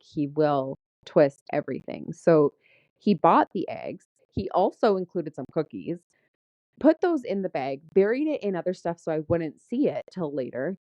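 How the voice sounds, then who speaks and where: A woman's voice: low voice, darkish tone, no room sound. A middle-aged woman venting about her day in a candid personal vlog, frank and swearing, laughing often. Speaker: vlogger. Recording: dull lo-fi sound.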